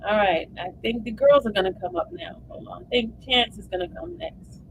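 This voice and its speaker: A woman hosts a livestream and talks her viewers through updates as they come in, swinging between eager and emotional. Her voice sits a little high, with a faint hiss of noise underneath. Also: normal speed, vocal fry, rough recording. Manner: animated, emotional, addresses viewers as y'all. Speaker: livestream host. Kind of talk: live commentary reading updates aloud.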